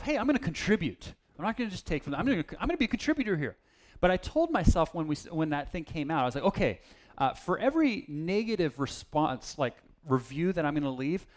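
A man preaching a casual, self-deprecating sermon, with plenty of fillers and restarts. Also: fairly high pitch. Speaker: pastor.

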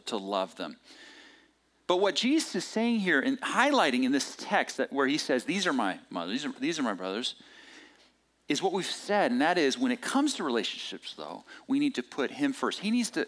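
A man's voice: on the high side, a bit bright. A middle-aged man preaching as a pastor, telling stories in a conversational way with frequent restarts and fillers. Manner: conversational storytelling with many restarts and filler words. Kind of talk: sermon.

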